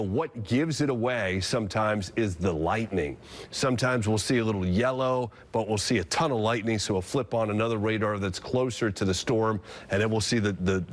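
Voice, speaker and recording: A man, a TV meteorologist, giving live severe weather coverage and explaining radar as he goes, with fillers and restarts. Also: fairly low pitch.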